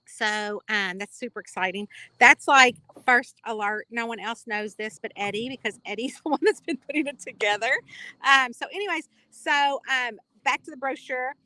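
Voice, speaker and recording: A woman's voice: on the high side, moderate pace, bright, forceful tone, no echo. A middle-aged woman with a Kentucky twang, chatting with readers on a live stream in a rambling, bubbly way. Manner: chatty, rambling, bubbly, reads out viewer comments. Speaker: author hosting a live reader chat. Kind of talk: casual livestream chat.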